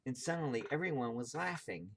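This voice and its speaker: A man's voice: mid-range voice, expressive, a little fast, creaky, fairly bright tone, slight background noise. Man, reading aloud, picture book, stumbles, self-corrects. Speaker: video host reading aloud.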